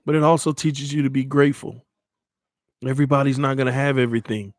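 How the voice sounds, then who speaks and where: A man's voice: medium pitch, steady tone, fast talker, no room sound, studio quality. Earnest man urging viewers on. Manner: earnest, repeats phrases, addresses viewers as man and y'all. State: shaken after crying. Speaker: sports channel host. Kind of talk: emotional motivational talk to viewers.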